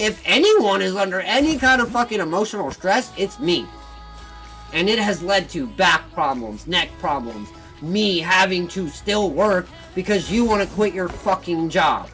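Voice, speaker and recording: High-voiced man venting angrily. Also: animated, moderate pace, rough recording. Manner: heated, profane, swings between bitter mutters and loud outbursts. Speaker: gaming channel host. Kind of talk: venting casual rant. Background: faint background music.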